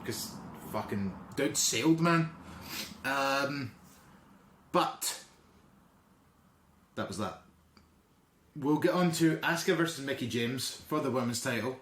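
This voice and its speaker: A podcast host with a mid-range, slightly bright voice speaks slowly, leaving long pauses. He rambles through stories in casual chat, swearing freely and acting out quotes. The recording sounds roomy, with faint background noise.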